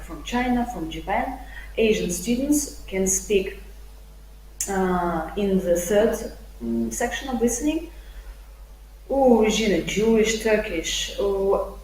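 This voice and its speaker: A woman's voice: fairly high pitch, a little mellow. Upbeat chatty woman teaching live. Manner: chatty, upbeat, full of fillers, reads viewer comments aloud. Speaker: IELTS teacher. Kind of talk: live-streamed English lesson. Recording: echoey room with faint hum.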